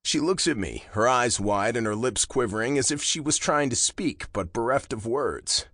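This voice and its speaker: A man narrating a romance audiobook in the first person, with a slow, low and intimate delivery. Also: animated, a bit bright, dry recording, studio quality.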